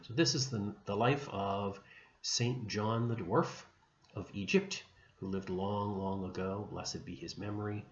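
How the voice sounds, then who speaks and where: A man with a lowish voice tells a saint's story to a class in a gentle, unhurried way. The recording is dull and muffled, echoing in a room with a faint hum behind him. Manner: gentle, unhurried retelling with small restarts. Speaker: religion teacher.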